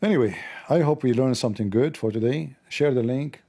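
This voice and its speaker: A man hosting a livestream, talking in a sarcastic, mocking comedic monologue with a gravelly voice. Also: mid-range voice, fairly quick, mellow. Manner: sarcastic, mocking, acts out dialogues. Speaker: livestream host.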